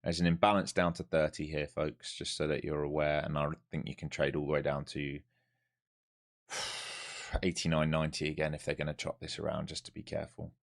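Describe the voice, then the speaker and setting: A man's voice: a bass voice, little pitch movement, a little fast, vocal fry. A man giving live commentary to viewers as he trades, blunt and profane as he thinks aloud over the charts. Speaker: live-streaming day trader.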